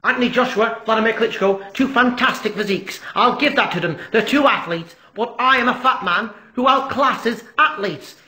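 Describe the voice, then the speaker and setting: A man's voice: sits high, moderate pace, few pauses, sharp tone, echoey room. A man impersonating a boastful heavyweight boxer who calls himself a fat man who outclasses athletes. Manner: bragging, blunt, self-mocking.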